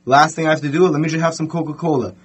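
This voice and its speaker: A man's voice: a little high, steady tone, racing, husky, pitched above the performer's own voice. A man voicing a sheepish, scheming drunk husband in a casual story. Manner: pleading, then smug.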